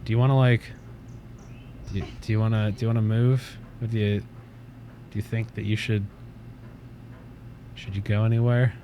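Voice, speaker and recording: A man's voice: fairly low pitch, little pitch movement, moderate pace, pauses often, mellow, a little hiss or hum. A man hosting a casual livestream from his desk at home, rambling, swearing offhandedly and cooing at his cat. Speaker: livestream host.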